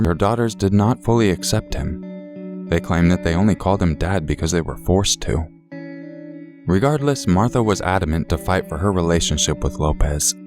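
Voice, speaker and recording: A man narrating a true crime story in a measured, somber scripted read, as the channel's host. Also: sits low.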